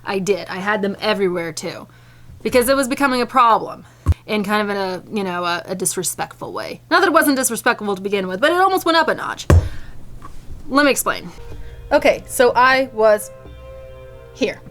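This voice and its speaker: A woman vlogger telling a comic story to camera in an animated, theatrical, playfully indignant way. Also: medium pitch, normal speed, faint music behind.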